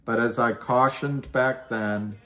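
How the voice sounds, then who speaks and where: Speaking slowly in a mid-range, slightly bright voice with fairly even intonation, a middle-aged livestream host chats casually about stocks. He wanders off topic, makes self-deprecating remarks, walks through his trades, and responds to viewers' comments.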